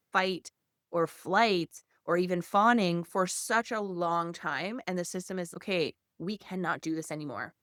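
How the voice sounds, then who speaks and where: A woman hosting a podcast, talking in a calm, reflective way. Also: lowish voice, no room sound, studio quality. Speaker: podcast host. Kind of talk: podcast interview.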